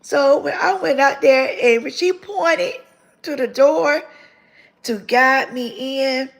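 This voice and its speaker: Gravelly-voiced woman telling her story. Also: sits high, takes it slowly. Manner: animated storytelling, repeats phrases, grows tearful. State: tearful near the end. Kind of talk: emotional testimony to viewers.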